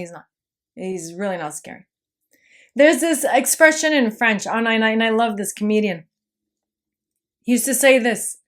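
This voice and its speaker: A woman with a high voice speaks in an unscripted, casual monologue. She reassures and insists, stumbling over restarts and checking in with "okay?" and "right?" all the time. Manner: reassuring, repetitive, lots of "trust me" and "okay?"; frequent restarts and stammered repeats. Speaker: video host.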